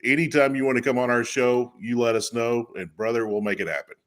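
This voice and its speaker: A man's voice: mid-range voice, steady tone, fairly quick, a bit bright. A man hosting a casual sports interview, friendly and calling his guest brother. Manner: friendly, calls the guest "brother", laughs along. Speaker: podcast host.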